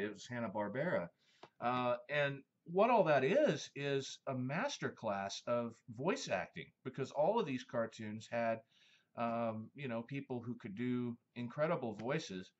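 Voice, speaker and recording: A man's voice: mid-range voice, lo-fi sound. A man hosting a casual monologue, rambling and reminiscing with many fillers. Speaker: host.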